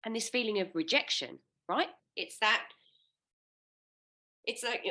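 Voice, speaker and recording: A woman's voice: a little high, lively intonation, measured pace, pauses often, sharp tone. A middle-aged woman co-hosting a podcast, chatting casually and readily agreeing with her guest. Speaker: podcast co-host.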